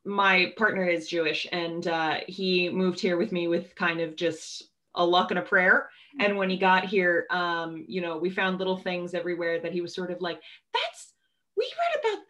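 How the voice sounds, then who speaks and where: A young woman from Ireland, a podcast guest, chatting in a quick, excitable way with laughing asides over a remote call. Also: fairly low pitch. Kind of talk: casual interview chat.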